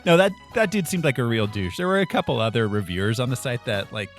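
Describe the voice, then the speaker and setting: Lively, laughing podcast host man. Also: medium pitch, fast, faint music behind. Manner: animated, laughs often, runs the segments. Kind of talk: casual chat.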